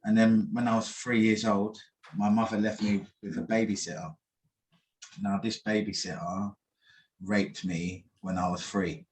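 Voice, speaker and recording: A young man giving halting personal testimony in an interview, with many fillers and restarts. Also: fairly low pitch, little pitch movement, darkish tone. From England.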